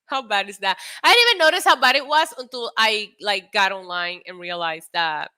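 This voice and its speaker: A young woman streamer chatting casually on a live stream, telling stories in an excitable, animated way with lots of swearing. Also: fairly high pitch.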